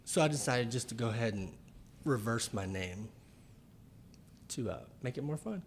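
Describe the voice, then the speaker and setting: A man in a casual podcast chat who explains things slowly and deliberately. He often pauses to find his words, and his voice sits at a middle pitch. A faint hiss runs underneath. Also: expressive. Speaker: chiropractor and author.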